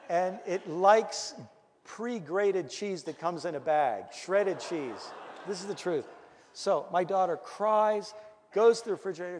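A middle-aged man, a pastor, giving a lecture full of comic stories, animated and full of restarts. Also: sits high. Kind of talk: humorous storytelling lecture. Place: lecture hall. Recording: reverberant hall.

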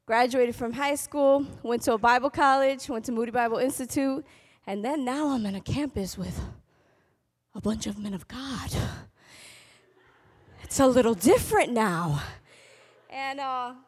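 A young adult woman giving a spoken testimony at a convocation, telling her story with animated delivery and acting out what people said. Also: fairly high pitch. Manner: animated storytelling, acting out quotes in shifting voices. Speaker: convocation speaker. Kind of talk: testimony talk to an audience.

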